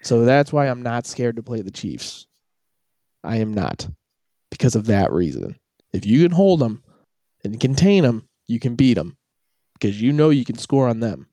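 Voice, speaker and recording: A man's voice: medium pitch, big pitch swings, normal speed, long pauses, dark tone, no room sound, studio quality. A man co-hosting a casual sports chat, ranting animatedly and swearing freely. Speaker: podcast co-host.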